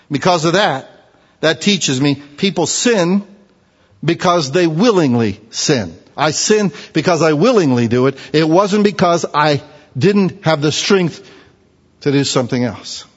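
A middle-aged man preaching a sermon, telling Bible stories with humor and acting out the scenes. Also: fairly high pitch. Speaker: pastor. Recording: dull recording with long hall reverb.

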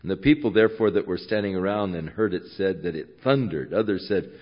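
A man preaching a sermon, reading and explaining scripture, swinging from hushed to loud. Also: low voice, fairly quick, highs cut off.

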